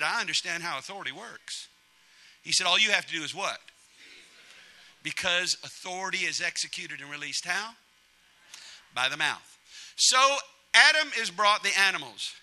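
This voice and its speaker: A middle-aged man preaching a sermon, humorous and animated, acting out quotes in different voices. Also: sits high. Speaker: pastor.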